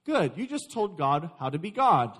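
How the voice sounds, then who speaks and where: A young adult man preaching a sermon, lively and joking with his congregation. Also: a little high, normal speed. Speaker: pastor.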